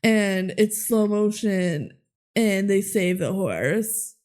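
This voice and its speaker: A woman's voice: mid-range voice, expressive, takes it slowly, darkish tone. A young woman co-hosting a podcast, recapping a movie in casual chat, giggling often and acting out quotes in bouncy voices. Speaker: podcast co-host.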